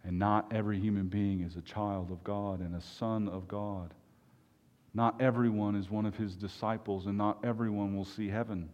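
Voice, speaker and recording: Preacher, male, low voice, emphatic and earnest, reverberant hall sound. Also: steady tone, darkish tone, muffled recording. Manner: earnest, emphatic, with long pauses. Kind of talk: sermon.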